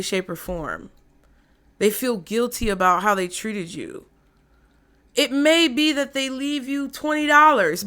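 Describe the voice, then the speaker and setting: A woman's voice: fairly high pitch, pushed and bright, clear, resonant tone. Blunt woman giving a tarot reading. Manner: blunt, frank, swears freely. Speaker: tarot reader.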